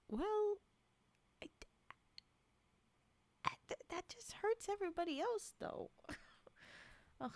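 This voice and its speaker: A woman's voice: extremely high pitch, expressive, takes it slowly, long pauses, mellow, dry recording. A young woman streamer chatting with her live chat, giggling and sleepy, reacting in exasperated disbelief. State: yawning, sleepy. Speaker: streamer reading stories to chat.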